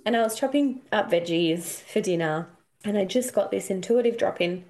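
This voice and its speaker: Australian woman, 30s, casual podcast host; chatty, animated storytelling. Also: mid-range voice, normal speed. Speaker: podcast host and intuition coach. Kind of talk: casual solo podcast talk.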